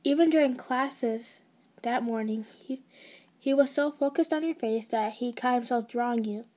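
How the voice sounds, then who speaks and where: Mellow woman telling an ASMR story. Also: on the high side, normal speed. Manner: casual, with restarts and side notes.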